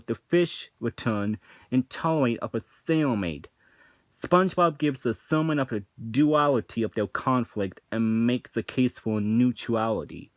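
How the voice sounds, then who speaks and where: A man's voice: mid-range voice, no room sound. A man giving a casual spoken review, rambling with many restarts and sounding unimpressed and dismissive. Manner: rambling, frequent restarts and filler "like".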